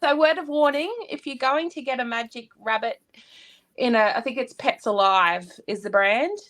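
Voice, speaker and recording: A woman's voice: a little high, moderate pace. An Australian woman from Queensland, co-hosting a casual craft chat and telling stories with frequent giggles. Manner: giggly, expressive storyteller. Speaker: co-host.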